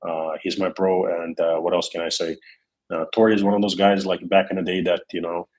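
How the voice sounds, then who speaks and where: A man hosts a casual livestream in a deep, husky voice. He rambles along with plenty of fillers and false starts, reading out viewers' comments as he goes. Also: level tone, a little fast, a little mellow, low-quality recording. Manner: rambling, many fillers and restarts, reads chat comments aloud. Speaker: crypto livestream host.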